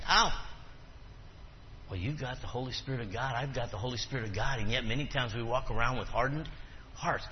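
A man's voice: medium pitch, expressive, quick pace, slight background noise. A pastor preaching a sermon to his congregation, quizzing them with questions and repeating key phrases for emphasis. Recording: reverberant hall, dull lo-fi sound.

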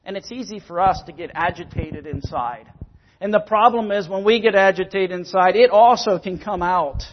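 A man's voice: sits high, normal speed, highs cut off, slight background noise. A man preaching a sermon, earnest and emphatic, sometimes repeating words as he explains scripture. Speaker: pastor.

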